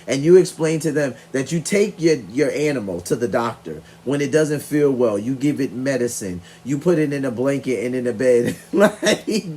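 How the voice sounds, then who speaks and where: A young man hosting a stream, giving casual reaction commentary in an animated, slangy way and laughing as he talks. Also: mid-range voice, moderate pace, hardly any pauses. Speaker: stream host reacting to clips.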